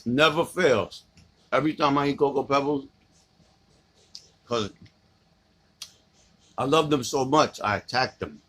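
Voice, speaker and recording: A man vlogging a cereal mukbang, chatting in playful slang and dropping into low seductive asides to his bowl. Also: measured pace, pauses often, fairly bright tone. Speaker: vlogger eating cereal on camera. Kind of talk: casual mukbang vlog.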